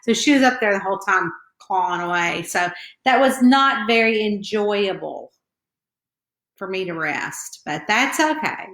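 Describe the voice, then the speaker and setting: A woman's voice: mid-range voice, bright, forceful tone. A middle-aged woman with a Southern hillbilly twang, chatting nervously with viewers on a live stream from home and greeting them by name. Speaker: author hosting a live stream. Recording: echoey room.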